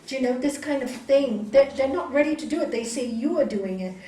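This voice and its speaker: Brief: woman yoga teacher, high, bright voice, lively storyteller, echoey hall recorded from a distance. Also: a little fast. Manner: animated, acting out what others say in stories. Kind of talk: teaching a spiritual course to a small group. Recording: echoey hall, mic far off, faint hiss.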